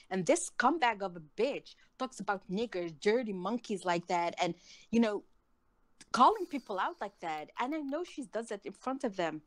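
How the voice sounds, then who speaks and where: A woman's voice: mid-range voice, animated, normal speed, no room sound. A woman in a heated casual chat, ranting angrily with a lot of swearing. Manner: angry, profane ranting.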